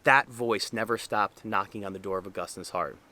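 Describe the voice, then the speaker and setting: Earnest young man giving a casual faith talk, bright voice. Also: fairly low pitch, fairly quick. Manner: earnest, conversational, many fillers. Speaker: Catholic speaker.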